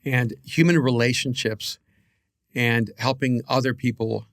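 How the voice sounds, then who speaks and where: A man co-hosting a podcast, giving earnest, reflective advice with halting restarts. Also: mid-range voice, fairly even intonation, no room sound, clean studio sound. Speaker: podcast co-host.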